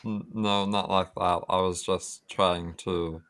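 A man at a tabletop game table, with a fairly low voice and a dry, wry manner. He poses questions with mock seriousness. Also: flat delivery, slow pace, fairly bright tone. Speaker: player. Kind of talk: casual tabletop game play.

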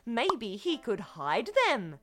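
A woman reads a children's story aloud, acting out sound effects with playful expression. Her voice sits high and moves slowly, rising and falling in lively swings. Faint music plays underneath.

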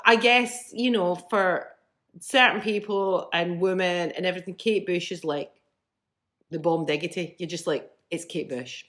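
A woman's voice: fairly low pitch, fairly even intonation, measured pace, a bit bright. A middle-aged Scottish woman, a band frontwoman, telling stories bluntly in a casual interview, swearing freely. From Scotland.

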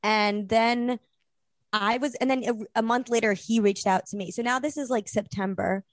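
A woman's voice: on the high side, steady tone, normal speed, no echo, studio quality. A young woman, a podcast guest, telling a rambling story in casual chat and acting out the quotes.

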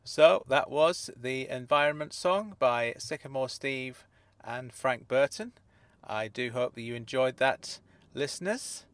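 A man hosting a comedy podcast, talking in a mild, calm, deadpan way with hesitant fillers. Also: medium pitch, measured pace, no echo.

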